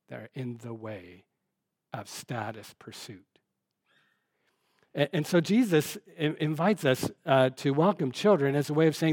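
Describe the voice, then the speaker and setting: Pastor, male, slightly raised pitch, earnest conversational sermon delivery, dry close recording. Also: expressive, unhurried, a little mellow, no echo. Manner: earnest and conversational, with frequent restarts and rhetorical questions.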